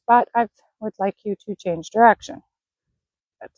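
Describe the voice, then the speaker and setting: A woman horse trainer in an outdoor arena, gently praising and coaxing a horse while explaining her training to viewers. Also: fairly high pitch, unhurried, no room sound, muffled recording.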